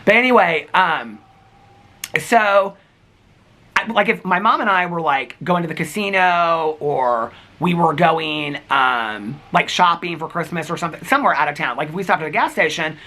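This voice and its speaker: Chatty, animated man in his fifties. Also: fairly high pitch, normal speed. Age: 50s. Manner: rambling, chatty storytelling with frequent laughs and "like" fillers. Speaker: vlogger. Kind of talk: casual chat to camera.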